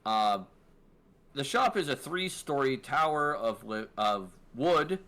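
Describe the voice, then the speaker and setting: A man narrating as game master of a tabletop game, relaxed with many fillers. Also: medium pitch, slow pace.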